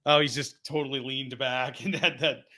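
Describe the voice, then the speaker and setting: A man co-hosting a podcast in casual chat, excitable and rambling, often laughing as he talks. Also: mid-range voice, moderate pace. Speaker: podcast co-host.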